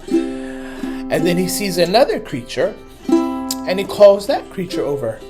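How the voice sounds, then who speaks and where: A man telling a folk tale as storyteller and teacher, unhurried and conversational. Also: high voice, very animated, over loud music. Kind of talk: musical folk storytelling with ukulele. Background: soft ukulele.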